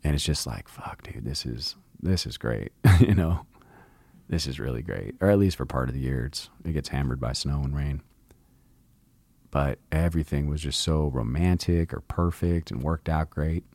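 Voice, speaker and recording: A middle-aged podcast host with an extremely low, rumbling, slightly mellow voice tells a long anecdote at normal speed in a casual monologue. He's loose, swearing and laid-back, putting on voices for the people he quotes. The recording is close and dry, with no room sound.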